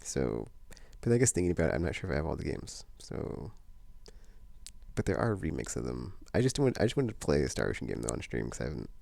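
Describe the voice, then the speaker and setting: A man talks through his plans in a loose, wandering way, piling up fillers and restarts. His voice sits extremely low with a gravelly edge, and the recording is dry. It sounds like easygoing monthly vlog chat. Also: very animated, quick pace, dark tone, no echo. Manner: meandering, many fillers and restarts. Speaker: vlogger. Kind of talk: casual rambling chat.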